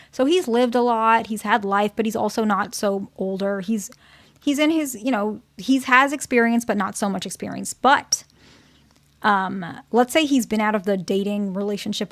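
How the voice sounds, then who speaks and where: A woman therapist talking straight to her viewers in a loose, conversational way, tossing in "okay?" and "right?" as she goes. Her voice sits at an ordinary middle pitch. The recording is close and dry, with no room sound. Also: no echo. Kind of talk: advice monologue to camera.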